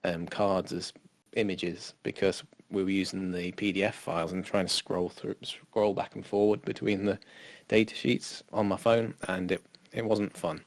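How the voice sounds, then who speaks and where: A man co-hosting a podcast, chatting in a relaxed, rambling way with frequent fillers. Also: sits low, moderate pace, dry recording. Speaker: podcast co-host. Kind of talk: casual chat.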